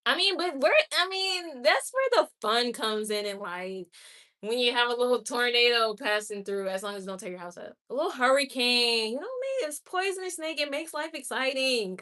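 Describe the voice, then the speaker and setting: A woman's voice: a little high, expressive, bright, forceful tone. A woman chatting casually on a live stream and reacting candidly to viewer comments. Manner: chatty and candid, with quick laughs and exclamations. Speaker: livestreamer.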